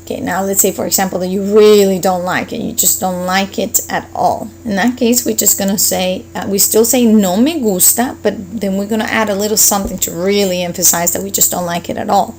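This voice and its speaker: A woman teaching a Spanish lesson, explaining grammar patiently step by step and slowing down for each example phrase. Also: medium pitch, fairly even intonation, darkish tone, low-quality recording.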